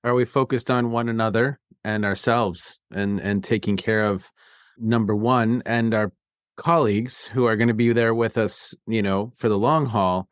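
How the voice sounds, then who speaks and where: A man's voice: on the low side, fairly even intonation, normal speed, smooth, dry recording, studio quality. A man hosting an interview, reflecting on the guest's points and asking open questions. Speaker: podcast host.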